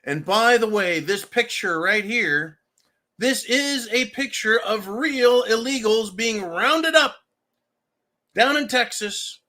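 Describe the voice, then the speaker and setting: A man hosting a livestream commentary show, talking in a loud, ranting way and laughing often. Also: high-pitched, takes it slowly. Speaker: show host.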